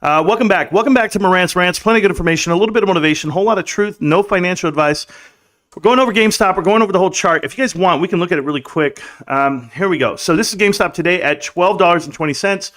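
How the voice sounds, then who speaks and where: Guy in his 30s streaming, high voice, jokey and rambly, chatting with viewers. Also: rapid-fire, a bit bright. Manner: joking, rambling, reads chat aloud. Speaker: livestream host. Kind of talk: casual live-chat banter.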